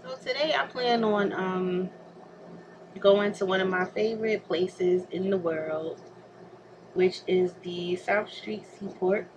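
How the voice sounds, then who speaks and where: A woman's voice: medium pitch, slow, lo-fi sound. A young adult woman vlogging casually while she gets ready at home, rambling and laughing often. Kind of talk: casual chat to camera. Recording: noticeable background hiss.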